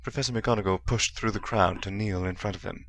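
Low-voiced male audiobook narrator. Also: fairly quick, a little hiss or hum. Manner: steady storytelling with soft character voices. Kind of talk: scripted narration.

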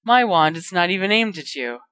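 A woman putting on a hissing, mocking dark wizard. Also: on the low side, animated, moderate pace, no room sound. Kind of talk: fan fiction reading.

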